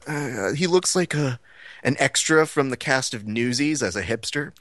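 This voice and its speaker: Animated male podcast storyteller. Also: medium pitch, moderate pace, no echo. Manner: animated, acts out the people in his stories. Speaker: podcast co-host. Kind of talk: casual storytelling chat.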